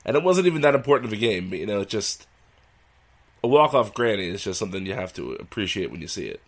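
A man hosts a podcast in an easygoing, conversational manner. He tells stories at a relaxed pace and keeps the talk moving. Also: fairly low pitch, quick pace. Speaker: podcast host. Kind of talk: casual podcast chat.

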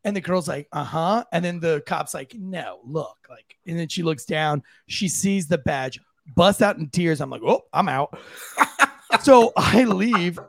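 A man co-hosting a podcast, telling a story in a casual, animated way and jumping into high voices for the people he quotes. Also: unhurried, creaky, no echo. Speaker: podcast co-host.

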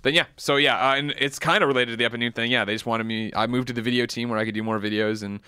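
A man hosting a podcast and reading listener questions in quick, teasing casual chat. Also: medium pitch, fairly even intonation, bright, forceful tone, clean tone, dry recording, clean studio sound. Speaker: podcast host.

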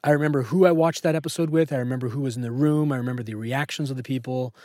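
A man's voice: medium pitch, steady tone, rapid-fire, darkish tone, no echo, studio quality. A man hosting a podcast in casual chat, wry and joking, packed with trivia. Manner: wry, joking, fact-heavy. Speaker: podcast host.

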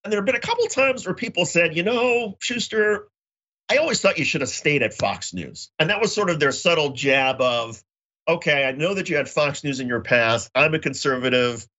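A man with a bright, forward voice co-hosts a casual podcast chat, telling stories and slipping into the voices of the people he quotes. He comes through a remote call with slightly dull, lo-fi audio. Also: fairly high pitch, animated, normal speed. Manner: storytelling, acts out quoted voices. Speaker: co-host.

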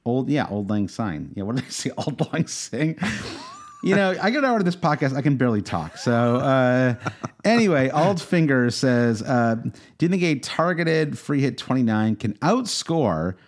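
A man's voice: medium pitch, sing-song, normal speed. A man co-hosting a podcast in casual chat, rambling and hesitant, with many fillers and restarts. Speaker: podcast co-host.

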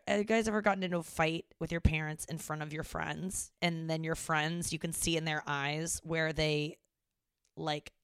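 A young woman hosting a podcast, telling a story in an animated, exasperated way and swearing now and then. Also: low voice, smooth, dry recording, clean studio sound. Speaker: podcast host. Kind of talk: casual monologue. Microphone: studio mic into a mixing board.

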